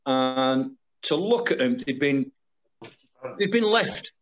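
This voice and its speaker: A man's voice: mid-range voice, lively intonation, slow, lo-fi sound. A middle-aged man, an army veteran, telling war stories in plain, dialect-tinged speech over a video call. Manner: plain storytelling with dialect grammar.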